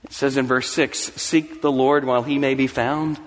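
A middle-aged man preaching a sermon as pastor, swinging from soft, low asides to rising, emphatic declarations. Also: level tone, moderate pace, long reverb tail. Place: church sanctuary.

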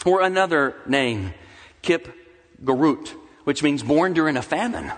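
A man's voice: a little high, expressive, measured pace, fairly bright tone, long reverb tail. A man preaching a sermon as pastor, earnest, acting out pleading questions to God.

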